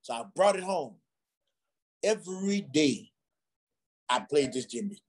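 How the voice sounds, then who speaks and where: Husky, animated man telling stories. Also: fairly high pitch, takes it slowly. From Ghana. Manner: animated, acts out the voices in his stories. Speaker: guest drummer. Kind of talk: storytelling in a conversation.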